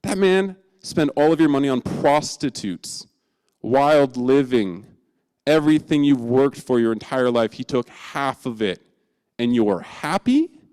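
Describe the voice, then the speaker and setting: A man's voice: mid-range voice, animated, unhurried, a little mellow, long reverb tail, pitched above the performer's own voice, close to an everyday voice. A man voicing a bitter older brother who rants at his father. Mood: furious. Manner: indignant, ranting.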